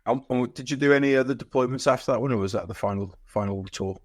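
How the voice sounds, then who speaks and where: A man hosting a podcast interview, asking short, relaxed questions in a matey way. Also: mid-range voice, quick pace, no echo, clean studio sound.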